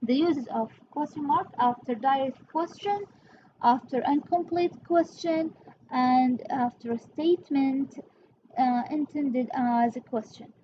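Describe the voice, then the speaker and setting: A woman teaches grammar slowly and patiently in a fairly high voice. The recording is a little dull, with a faint hiss behind her. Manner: patient, explains step by step, calls listeners "my dear". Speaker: English teacher. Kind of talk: classroom revision lesson.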